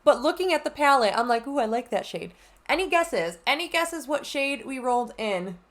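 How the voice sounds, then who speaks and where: Young adult woman, casual makeup vlog host, bubbly and chatty, slightly high voice. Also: sing-song, normal speed, fairly bright tone. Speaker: beauty vlogger.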